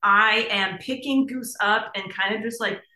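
A podcast co-host in casual chat, her bright, edgy voice bouncing around a roomy space. She tells stories with animated, profane energy. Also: medium pitch, unhurried.

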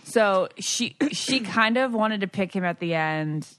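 A woman's voice: mid-range voice, measured pace, a bit bright, no echo. Teasing young woman leading the chat. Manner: teasing, steers the conversation. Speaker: podcast co-host. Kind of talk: casual chat.

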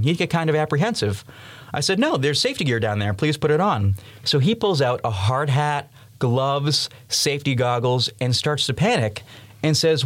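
A young man in his early twenties tells stories as a podcast guest, with a voice of ordinary pitch. He talks in a lively way and laughs now and then. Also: a little fast. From Massachusetts, USA. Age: 20s. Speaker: podcast guest, student storm chaser. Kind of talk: storytelling in an interview.

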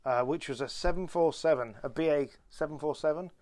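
A man casually telling an animated anecdote on a podcast, with many restarts. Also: on the high side, a little fast, dry recording. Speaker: podcast co-host. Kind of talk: casual storytelling chat.

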